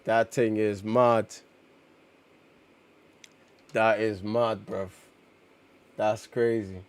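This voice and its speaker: Slangy streamer. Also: male voice, on the low side, extremely slow, smooth. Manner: slangy and excitable, reacting to chat. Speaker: streamer reading comics. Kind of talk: casual live-stream chat.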